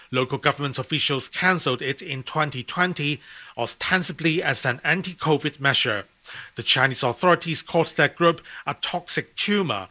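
A man correspondent delivering a scripted news report in a crisp, formal manner. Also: fairly high pitch, pushed and bright. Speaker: foreign correspondent.

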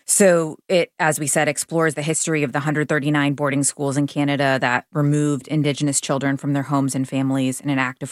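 Curious interview host, mid-pitched, dry. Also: no room sound. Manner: curious, probing, with casual fillers. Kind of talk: conversational interview questions.

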